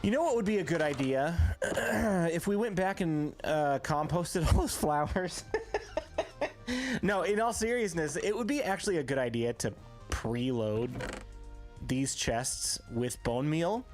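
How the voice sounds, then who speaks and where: Lively chatty male game streamer. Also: on the high side, unhurried, soft background music. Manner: chatty, reads chat aloud and answers viewers. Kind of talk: live gameplay stream chat.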